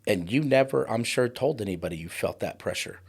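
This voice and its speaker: A man in his forties, a podcast guest talking about trauma in an impassioned, preachy way, slowing down for emphasis. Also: lowish voice, lively intonation, gravelly, husky. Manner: fired-up, preachy, slows down for emphasis. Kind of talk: impassioned conversational podcast talk.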